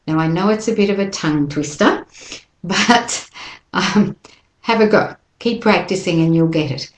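A woman teaching an English pronunciation lesson, slowly modelling words and sentences for listeners to repeat. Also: on the low side. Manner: slow, careful modelling of words for repetition. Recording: echoey room.

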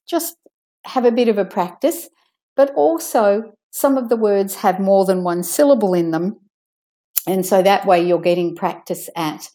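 A woman leads an English pronunciation lesson at an unhurried pace. Her voice sits a little low and sounds soft and mellow. She stretches out each example word with care. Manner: slow, careful, drawn-out word demonstrations. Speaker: pronunciation teacher.

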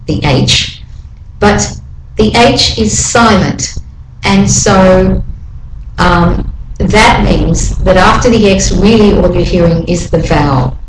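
A woman giving an English pronunciation lesson, saying each word slowly and deliberately twice for learners to copy. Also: medium pitch, noisy background. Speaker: pronunciation teacher. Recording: echoey room.

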